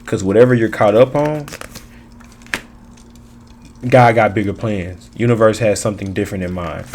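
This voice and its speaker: Male tarot reader, lowish voice, emphatic and repetitive, casual street slang. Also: normal speed, a little mellow, slight background noise. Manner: preachy, emphatic, repeats phrases, slangy.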